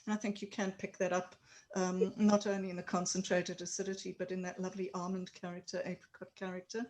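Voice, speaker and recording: A woman's voice: on the low side, completely flat delivery, fast, darkish tone, poor audio. A woman speaking as a wine expert on a panel, detailed and knowledgeable but hesitant, with frequent fillers. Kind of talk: casual panel discussion.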